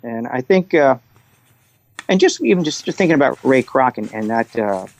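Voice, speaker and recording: A middle-aged man and coach, speaking as a podcast guest and telling stories in a relaxed way. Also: mid-range voice, normal speed, no echo. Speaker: guest, restaurant executive and coach. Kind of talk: conversational interview.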